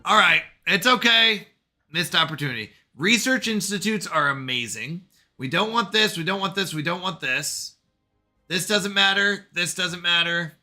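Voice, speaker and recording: A man streaming a strategy game with commentary, animated and scolding himself over a misclick. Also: high-pitched, normal speed, soft background music. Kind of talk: let's play commentary.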